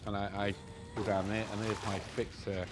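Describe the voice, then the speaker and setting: A man recounting his time as a hostage in a halting, subdued way, full of restarts. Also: flat delivery, background noise. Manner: halting, many restarts, subdued and low-key. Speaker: interviewee recounting being held hostage. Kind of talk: reflective personal storytelling.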